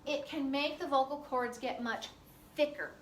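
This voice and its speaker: A woman teaching a class in a relaxed, chatty way, full of fillers. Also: high-pitched, moderate pace, slight background noise. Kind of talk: classroom lecture. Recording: echoey classroom from far off.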